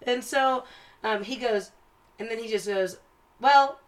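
A woman's voice: fairly high pitch, unhurried. A young woman co-hosting a casual podcast, telling a story with lots of swearing and quoting people in their own voices. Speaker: podcast co-host.

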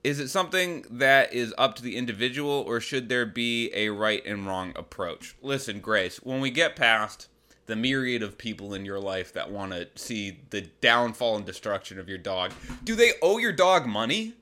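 A man's voice: lowish voice, normal speed, bright, forceful tone. A young man hosting a comedy advice podcast, reading listener questions and ranting back in disbelief with rhetorical questions. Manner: incredulous, exasperated rants with rhetorical questions.

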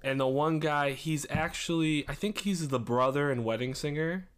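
A man's voice: fairly high pitch, moderate pace, clean tone. A young man, a podcast co-host chatting casually and swearing a lot as he rambles. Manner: rambling, swears a lot, acts out movie quotes. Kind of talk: casual chat.

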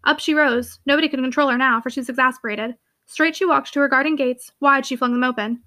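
A woman's voice: high-pitched, fairly even intonation, fast, bright, forceful tone, dry recording, clean studio sound. A young woman reading a classic novel aloud, then chatting eagerly about the chapters with plenty of fillers. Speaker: audiobook reader and book commentator.

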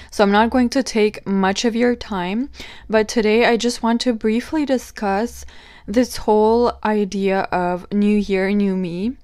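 A woman's voice: mid-range voice, darkish tone, clear, resonant tone, dry recording, studio quality. A woman hosting her own podcast, giving upbeat advice and asking her listeners questions. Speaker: podcast host. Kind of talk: solo podcast talk.

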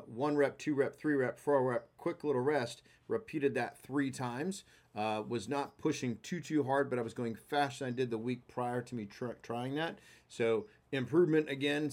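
A man's voice: mid-range voice, darkish tone. A man hosting a solo podcast, talking casually and emphatically, with a self-deprecating touch. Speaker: podcast host.

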